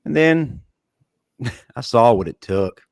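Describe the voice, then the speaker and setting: A man's voice: mid-range voice, expressive, slow, creaky, darkish tone, no echo, studio quality. A man co-hosting a sports talk show, telling a story in a slightly hesitant way. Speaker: show co-host.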